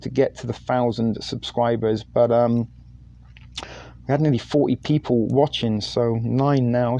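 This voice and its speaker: A man's voice: mid-range voice, warm tone. A man hosting a live stream, telling a long anecdote in casual chat with a rambling, self-deprecating manner and many fillers.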